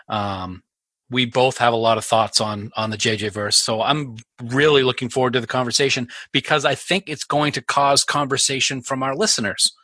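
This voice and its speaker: A man co-hosting a fan podcast in casual chat, halting and restarting often, with dry asides. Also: medium pitch, bright, forceful tone, no echo. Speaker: podcast co-host.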